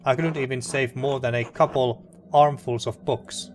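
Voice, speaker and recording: A man reading a grieving, guilt-ridden middle-aged man in a narrative game, quiet and halting. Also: medium pitch, steady tone, slight background noise, lightly acted.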